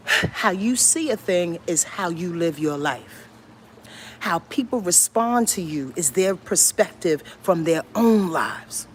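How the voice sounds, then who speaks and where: Woman, astrologer, casual phone livestream, very expressive pitch, cursing, emphatic, repeats herself. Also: slight background noise. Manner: animated, profane, emphatic and repetitive. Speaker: astrologer hosting a weekly rundown. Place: moving through a building. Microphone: handheld phone.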